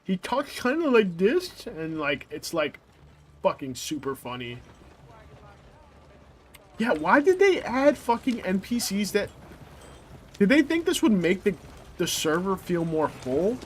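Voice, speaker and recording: A man's voice: sits high, huge pitch swings, measured pace, slight background noise. A young man chatting casually while streaming a game, rambling and swearing, with lots of filler words. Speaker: gameplay streamer. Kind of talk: casual chat while playing.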